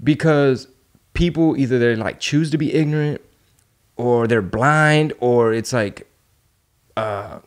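A male podcast host talking in a casual, slangy way. His pitch sits in the middle range. He builds his points through strings of heated rhetorical questions. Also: takes it slowly, pauses often.

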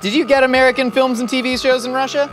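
A man's voice: extremely high pitch, fairly even intonation, fast, music in the background. A man hosting a cooking show, chatting in a playful, joking way and laughing often. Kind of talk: casual comedic cooking chat.

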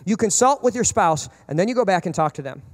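A man in his thirties, a pastor preaching a sermon, animated and acting out quoted parents and kids. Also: high-pitched, fast talker, in a large hall.

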